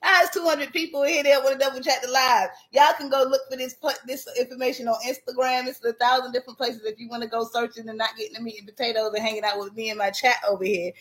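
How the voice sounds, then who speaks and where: A woman's voice: on the high side, steady tone, quick pace, few pauses. A woman hosting a casual livestream, chatting animatedly with her viewers and laughing often. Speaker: livestream host.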